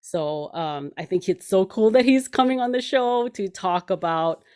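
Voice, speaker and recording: A woman's voice: medium pitch, lively intonation, normal speed, a little mellow, smooth. A woman hosting an interview show over a video call, talking enthusiastically and rambling with many fillers. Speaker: podcast host.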